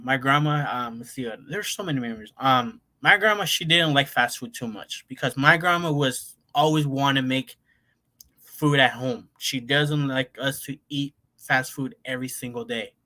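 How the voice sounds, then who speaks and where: A man's voice: medium pitch, bright, forceful tone. A young man, telling family stories in a rambling casual monologue full of fillers and restarts. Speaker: vlogger.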